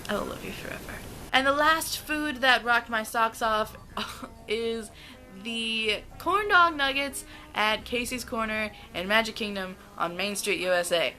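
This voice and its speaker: A woman's voice: fairly high pitch, pushed and bright, low-quality recording. A young American woman gushing about her favorite foods in a casual vlog, stretching out her words. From United States. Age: young adult. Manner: gushing, enthusiastic, drawn-out words. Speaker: vlogger.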